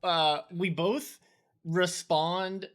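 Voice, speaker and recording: A man co-hosting a podcast in casual chat, good-natured and quick to laugh. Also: high voice, fairly even intonation, fairly bright tone. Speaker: podcast co-host.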